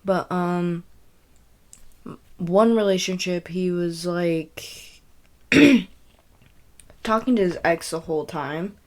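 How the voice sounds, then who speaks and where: A woman's voice: on the low side, drawn-out words, long pauses. A young woman telling a personal story in a casual, rambling way, full of fillers and self-corrections. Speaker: podcast host.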